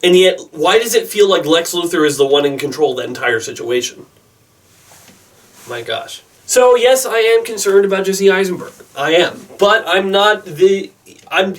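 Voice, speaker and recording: Young guy ranting about movies, kinda high voice, excitable, mic a bit far off. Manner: chatty, excitable, rambling with asides. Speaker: movie vlogger. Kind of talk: casual opinion vlog.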